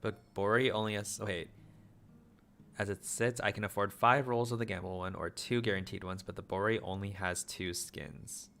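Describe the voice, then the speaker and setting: Male streamer, low voice, quick and rambly, slight stutter, casual chat. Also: fairly even intonation, fairly bright tone. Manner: fast talking, rambling; stutters and mumbles, repeats words.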